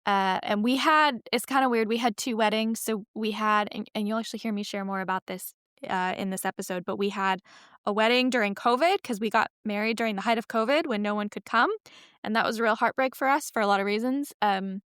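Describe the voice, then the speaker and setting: A woman's voice: mid-range voice, brisk, fairly bright tone, clean tone, dry recording, studio quality. A woman in her thirties hosting a podcast, talking in a chatty, rambling way and correcting herself as she goes. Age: 30s. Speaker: podcast host. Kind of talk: casual podcast intro.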